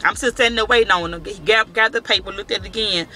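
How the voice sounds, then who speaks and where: In a quick, high-sitting voice with few pauses, a man vlogs a story to the camera. He swears freely, stays animated, and acts out the dialogue as he goes.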